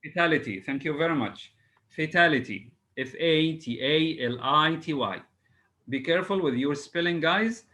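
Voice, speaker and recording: A male teacher on a video call runs an English lesson. His voice sits slightly high and sounds bright and forceful. He is patient, spells words out letter by letter, and fills pauses with hesitations. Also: expressive, rough recording. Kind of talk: online class drilling exam word formation.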